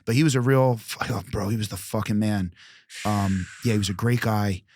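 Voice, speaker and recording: A man's voice: fairly low pitch, a little fast. Blunt, profane man telling stories. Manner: blunt, profane, animated storytelling. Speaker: guest, restaurant founder. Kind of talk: casual podcast interview.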